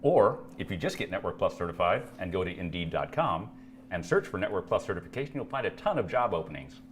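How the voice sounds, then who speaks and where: A man with a low voice and a lively, up-and-down delivery reads viewer questions on a casual live stream. He teases his co-host, and a faint hum runs underneath. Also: fast. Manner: playful, teasing, reads questions aloud.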